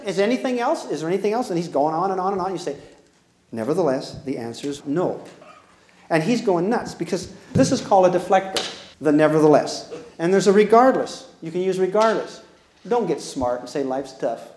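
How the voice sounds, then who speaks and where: A man's voice: high-pitched, lively intonation, fairly quick, darkish tone, slight background noise. A man giving a humorous parenting seminar to an audience, folksy and teasing, acting out both sides of little dialogues as he goes. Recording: echoey room.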